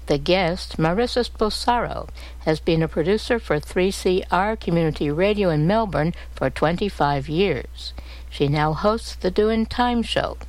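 A woman presenting a radio program, reading scripted links in a clear, measured way. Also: lowish voice, darkish tone, low-quality recording.

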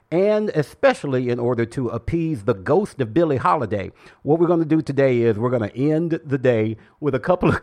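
A man's voice: medium pitch, darkish tone. Playful male radio jazz host. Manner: playful, joking, unhurried. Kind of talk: casual radio DJ patter.

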